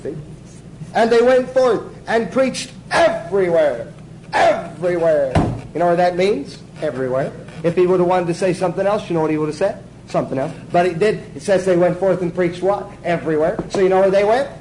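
A man's voice: sits high, fast talker, few pauses, warm tone, a little hiss or hum, rough recording. A man teaching a Bible class in sermon style, emphatic, asking the class questions and answering them himself.

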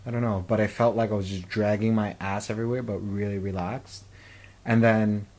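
A man in his twenties with a low voice, co-hosting a loose podcast chat. He rambles through stories, stacking up "um" and "like" as he goes. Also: steady tone, fairly quick, darkish tone, rough recording. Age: 20s. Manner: rambling storyteller, many fillers and "like". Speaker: podcast co-host.

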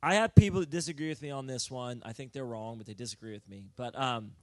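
A middle-aged male pastor preaching a sermon, telling a story with acted-out dialogue and building to loud, emphatic exhortation. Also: medium pitch, quick pace, hardly any pauses, no echo.

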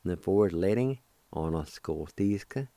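A middle-aged man hosting a radio language lesson, patiently spelling out letters one by one and repeating each word slowly. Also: low-pitched, animated, dark tone, no room sound. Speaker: radio host teaching the language.

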